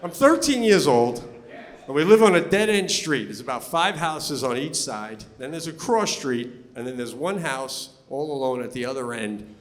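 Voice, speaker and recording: A middle-aged man tells stories in an animated stand-up set, sometimes bursting into loud shouts. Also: medium pitch, normal speed, big-room sound. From Long Island, New York. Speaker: comedian. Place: stage before a live audience.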